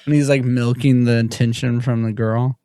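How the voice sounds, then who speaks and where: A man's voice: mid-range voice, moderate pace, smooth, dry recording. Easygoing young man, dry close sound. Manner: relaxed, easygoing, laughs while retelling scenes. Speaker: podcast co-host. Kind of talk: casual chat.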